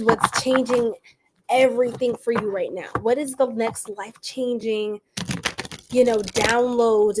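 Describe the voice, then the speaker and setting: A woman's voice: a little high, darkish tone, slight background noise. A woman giving a casual live-stream tarot reading, bubbly and slangy, laughing often and chatting with her viewers. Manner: bubbly, giggly, slangy, talks to chat. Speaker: tarot reader.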